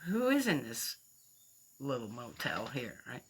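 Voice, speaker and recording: A woman's voice: rumbling low, wildly swooping pitch, a little slow, fairly bright tone, breathy edge. A middle-aged woman telling a personal story in a rambling, chatty way, full of fillers and acted-out quotes. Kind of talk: casual spoken storytelling.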